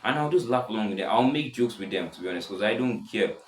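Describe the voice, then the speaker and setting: A seventeen-year-old boy with a deep voice, rambling casually in a self-improvement vlog, full of restarts. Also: quick pace, roomy sound, a little hiss or hum, rough recording. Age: teens. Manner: rambling, many restarts and "stuff like that". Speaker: vlogger.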